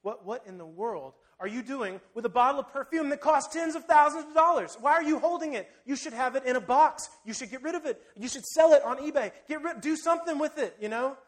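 A man voicing exasperated male disciples who scold with rapid, incredulous questions. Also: high voice, lively intonation, a little mellow, husky.

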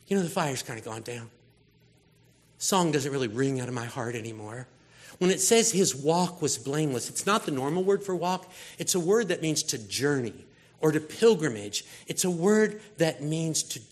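A man gives a relaxed, conversational sermon in a voice sitting a little higher than most men's. He tells stories lively and acts out characters' voices along the way. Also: normal speed. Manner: casual, animated storytelling with acted-out voices. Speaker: pastor.

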